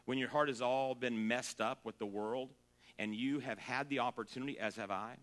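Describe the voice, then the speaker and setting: Moderately paced and fairly even in intonation, a medium-pitched man delivers a sermon that mixes jokes and off-key singing with earnest moments, alternating between loud and quiet.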